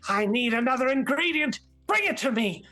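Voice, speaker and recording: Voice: high voice, animated, moderate pace, bright, forceful tone, soft background music, pitched above the performer's own voice. A game master voicing a pompous, insulting goblin wizard lord who appears as a ghostly projection. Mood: imperious. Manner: imperious, insulting, scolding.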